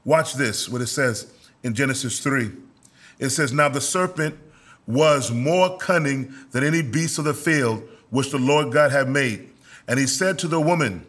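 A man preaching a sermon, telling scripture stories with lively acted-out quotes. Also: medium pitch, measured pace. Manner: animated storytelling preacher, acts out quotes, laughs.

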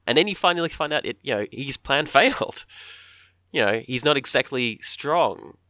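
A man casually talking through a film scene by scene, often acting out characters' lines in quick voices. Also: mid-range voice, expressive, bright, forceful tone, no echo, studio quality.

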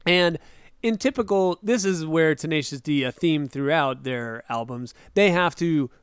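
A man's voice: on the high side, measured pace, clean tone, no echo, studio quality. A man co-hosting a podcast in casual chat, rambling and laughing often as he retells scenes and acts out lines. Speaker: podcast co-host.

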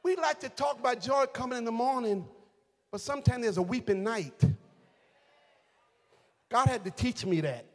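A man a sermon as pastor, moving from quiet, reflective storytelling to shouted, sing-song calls to his congregation. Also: very high voice, animated, normal speed, pauses often. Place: large church sanctuary. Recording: long hall reverb.

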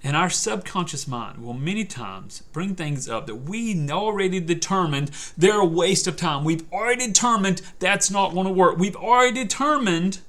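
An older man hosts a motivational podcast in a somewhat high voice. He talks emphatically and repeats his points as he tells stories. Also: animated, normal speed, hardly any pauses, fairly bright tone. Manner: emphatic, repetitive, storytelling. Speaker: podcast host and persuasion coach.

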